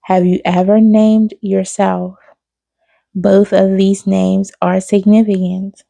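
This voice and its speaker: A woman delivers an intuitive spiritual reading straight to her viewers, gravelly and mellow in tone. She keeps her pitch fairly flat and close to the mic in a dry space. She talks affectionately, calling the listener baby and repeating key phrases. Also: slow pace, no echo. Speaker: spiritual reader on her own channel.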